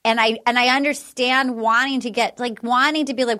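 A woman's voice: high voice, brisk, few pauses, fairly bright tone. A woman hosting a casual podcast, retelling a scene in a rambling way with many fillers. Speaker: podcast host. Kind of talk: casual recap chat.

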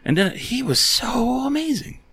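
Animated man telling a story. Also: very high-pitched, moderate pace, slightly rough, dry recording. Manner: animated storyteller, swearing, acting out quotes. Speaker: podcast co-host. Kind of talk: casual storytelling chat.

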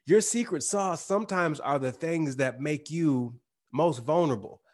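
A man's voice: fairly high pitch, unhurried. A man with a slight twang, talking casually as an interview guest, using slang and restarting sentences now and then. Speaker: guest speaker.

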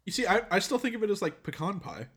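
A man in casual podcast chat with friends, teasing and quick to laugh. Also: sits high, fairly bright tone, slightly rough.

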